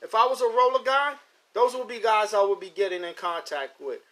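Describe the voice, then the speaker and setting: A man's voice: sits high, expressive, brisk, pushed and bright. A middle-aged man hosting a pigeon racing live stream, talking casually in a rambling way and repeating his words as he chats with viewers. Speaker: host of a pigeon racing show. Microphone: phone or computer mic.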